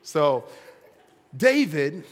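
An animated young man tells a Bible story with toys, laughing as he goes, his voice pitched notably high. The sound carries a long reverb from a church hall. He is playful and lively throughout. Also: extremely slow. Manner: animated, laughs often, plays with action figures. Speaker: children's ministry presenter.

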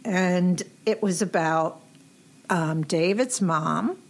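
A woman's voice: lowish voice, slow. A woman hosting a casual interview, chatty and effusive, laughing often. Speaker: host.

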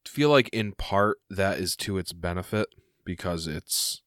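Low-voiced male game master, musing and halting, dry close sound. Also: animated, fairly bright tone, no echo. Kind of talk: casual chat.

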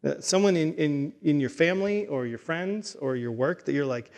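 A man with a fairly high voice preaches in a loose, conversational way. He restarts phrases and repeats words as he works through his point. He also acts out the people in the story he tells. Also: moderate pace, few pauses, a little mellow. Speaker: pastor. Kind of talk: sermon.

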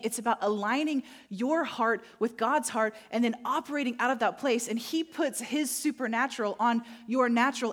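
A woman preaching a sermon, telling stories vividly and slowing down to stress key points. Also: a little high. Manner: animated storytelling, acting out moments; slow emphatic phrasing on key points. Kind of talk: sermon with personal storytelling.

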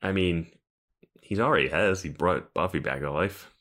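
Super deep voiced guy rambling on a podcast, restarts a lot. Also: moderate pace, fairly bright tone. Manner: rambling, trails off and restarts, laughs between points. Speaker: podcast co-host. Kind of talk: casual chat.

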